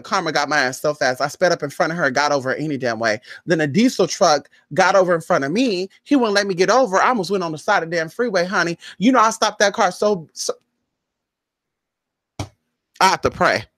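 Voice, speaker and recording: Animated, exclamatory woman telling a story. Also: lowish voice, dry recording. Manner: animated, exclamatory, swears freely, acts out her own reactions. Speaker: spiritual vlogger. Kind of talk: casual storytelling to viewers.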